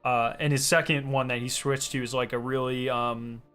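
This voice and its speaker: A young man chatting casually with his viewers while he plays a game, rambling excitedly with lots of fillers. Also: medium pitch, normal speed, faint music behind. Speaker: game streamer. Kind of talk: casual chat while playing.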